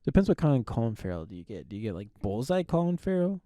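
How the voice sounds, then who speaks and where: A man co-hosts a laid-back movie review podcast. His voice is mellow and warm, and he pauses with ums and laughs easily. The sound is close and dry, with no room echo. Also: mid-range voice. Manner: relaxed, laughs often, hesitant with ums. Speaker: podcast co-host. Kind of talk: casual movie review chat.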